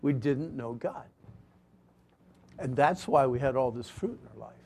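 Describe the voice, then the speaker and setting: A man preaching a sermon and telling his own story earnestly, moving between loud emphasis and hushed lines. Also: mid-range voice, animated, unhurried, gravelly, slightly rough. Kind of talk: sermon with personal testimony.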